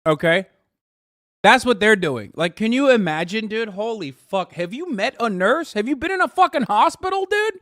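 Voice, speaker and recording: A man hosting a live stream, reacting in casual commentary, animated and exasperated, swearing heavily. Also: high voice, normal speed, no room sound, clean studio sound. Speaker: streamer host.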